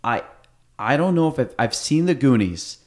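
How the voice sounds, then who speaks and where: A man's voice: mid-range voice, normal speed. Chatty man hosting a podcast. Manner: animated retelling, acts out quotes with restarts. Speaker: podcast host. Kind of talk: casual chat. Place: studio.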